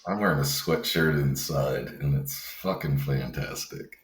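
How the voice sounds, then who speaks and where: A man from Illinois with a very deep, low voice. He co-hosts a podcast in an easygoing, profane way, laughing often, and his voice rings in an echoey room. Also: unhurried. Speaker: podcast co-host. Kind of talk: casual podcast chat.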